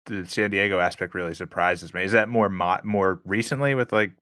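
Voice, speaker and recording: A man's voice: deep voice, fairly quick, sharp tone, dry recording, clean studio sound. A man hosting an interview podcast, talking eagerly with frequent restarts and asking the guest questions. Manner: enthusiastic, stumbling restarts, laughs often. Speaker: podcast host. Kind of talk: casual interview chat.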